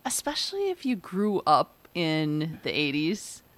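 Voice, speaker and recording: A woman's voice: low-pitched, big pitch swings, unhurried, dry recording. A woman co-hosting a podcast in casual chat, tipsy, chatty and giggly. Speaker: podcast co-host.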